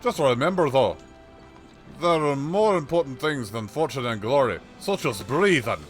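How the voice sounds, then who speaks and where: Reading game dialogue on a livestream, a man lightly acts out a folksy, shrewd old peddler who rambles in a put-on rustic dialect. His medium-pitched voice is expressive and moves at normal speed, with faint music in the background.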